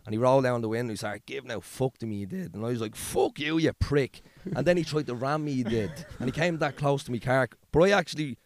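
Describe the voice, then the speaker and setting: A hoarse Irish man, a podcast co-host, telling crude, swearing stories in casual chat. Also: medium pitch, fast, hardly any pauses. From Ireland.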